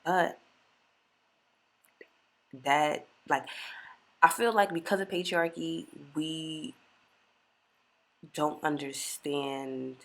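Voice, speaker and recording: Low gravelly-voiced young woman chatting. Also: steady tone, very slow, pauses often, fairly bright tone. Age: 20s. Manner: candid, slangy and chatty, swears freely. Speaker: podcast host. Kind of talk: casual solo chat.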